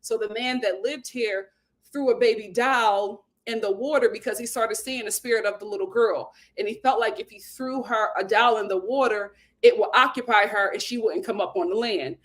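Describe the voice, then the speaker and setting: A woman's voice: mid-range voice, normal speed. A woman hosting a casual reality TV recap, animatedly retelling scenes, acting out the quotes and laughing often. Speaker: host.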